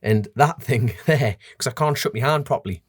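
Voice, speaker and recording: A husky, mid-range voice at normal speed, captured in studio quality with no room sound, belongs to a motorbike road racer from England's North East, who has the local accent. He's a lively storyteller in a casual podcast chat, performing other people's voices as he goes.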